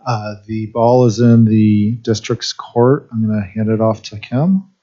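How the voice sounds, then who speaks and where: A man with a low, dark, mellow voice hands the floor from speaker to speaker with brief procedural remarks. He sounds a bit distant on a dull, lo-fi recording. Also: fairly even intonation, a little slow. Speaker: session facilitator. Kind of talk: meeting facilitation.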